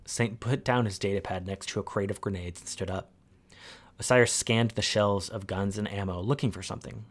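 A man reading game lore aloud in a calm, steady storytelling manner. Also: lowish voice, brisk.

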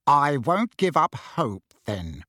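Casting: blustering bully uncle, high and loud, swooping pitch, put on by a male reader. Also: big pitch swings, takes it slowly, no echo, studio quality, heavily acted. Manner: loud, roaring and indignant. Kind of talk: audiobook character voice.

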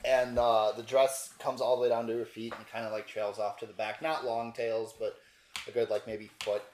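A man's voice: medium pitch, little pitch movement, normal speed, darkish tone, reverberant, a little hiss or hum. A man narrating a tabletop game as game master, describing scenes loosely with many fillers.

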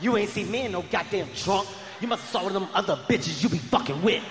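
A man voicing an indignant girlfriend who shouts her denials. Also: high-pitched, quick pace, over loud music, lightly acted. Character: indignant girlfriend denying everything. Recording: live venue with long reverb.

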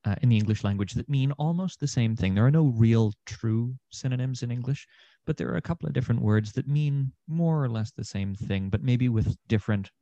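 A man's voice: medium pitch, fairly quick, hardly any pauses, dark tone, no room sound, muffled recording. A young man, an actor and podcast guest, talking through ideas in a thoughtful, meandering way with many fillers. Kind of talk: casual conversation.

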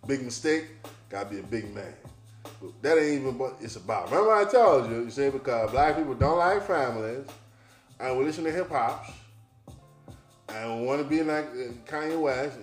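A man's voice: medium pitch, expressive, moderate pace. Brief: blunt male podcast host riffing on news, cursing freely, echoey room with light music. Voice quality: blunt, profane, sardonic. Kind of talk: ranting commentary on news headlines. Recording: roomy echo, faint music.

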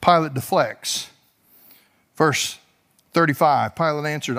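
Male pastor, lively preaching delivery, voices the characters while teaching the passage. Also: unhurried. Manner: explains verse by verse, voices the speakers in the text; rises in pitch and force as he builds. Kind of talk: expository sermon.

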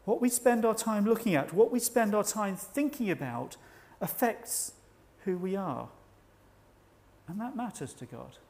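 Male preacher with a high voice, measured and reflective, slows for emphasis. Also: expressive, vocal fry, a little mellow. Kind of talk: sermon.

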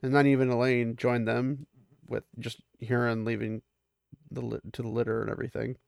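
Recapping a fantasy novel in a relaxed, chatty way, this male host laughs at the plot and gives the characters light voices. His medium-pitched voice is clear, resonant, and creaky, with little pitch movement, at a moderate pace. The studio sound is clean, with no room sound.

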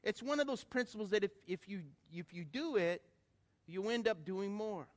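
High-voiced animated male pastor. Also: moderate pace. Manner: animated, calls for congregation responses. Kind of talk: sermon with anecdote.

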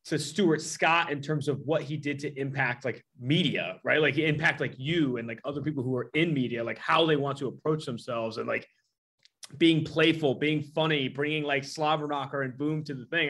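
A male podcast host in casual conversation. He chats loosely and leans on "like" as filler. His voice sits at a plain middle pitch. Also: fairly bright tone. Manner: filler-heavy, says "like" often.

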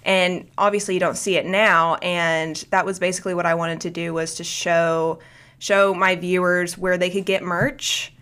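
A woman's voice: fairly low pitch, little pitch movement, moderate pace, a bit bright, clean tone. A woman guest chatting casually on a podcast, talking in a loose, rambling way with many fillers and restarts. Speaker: guest, book video creator.

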